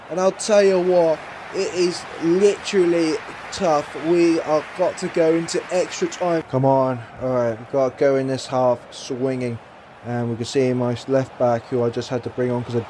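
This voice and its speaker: A young man giving excited commentary on his own football video game match, swinging between mock commentator lines and exasperated, mildly sweary outbursts. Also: on the high side, background noise. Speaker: gaming YouTuber.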